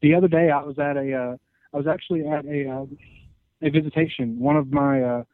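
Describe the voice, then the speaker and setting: Halting young man on a tinny line. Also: a little high, fairly even intonation, no echo. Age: 20s. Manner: halting, many "uh" pauses. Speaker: podcast guest, wrestler. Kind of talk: casual interview answers. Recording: tinny phone-like sound.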